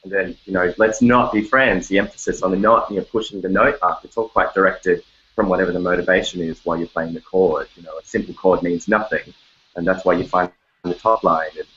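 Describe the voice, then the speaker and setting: A man's voice: deep voice, quick pace, dull audio. A man with an Australian accent, a songwriter chatting casually and animatedly from his bedroom, joking as he goes. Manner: chatty, animated, jokey, breaks into sung snippets. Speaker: songwriter guest. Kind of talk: casual interview chat. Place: home bedroom.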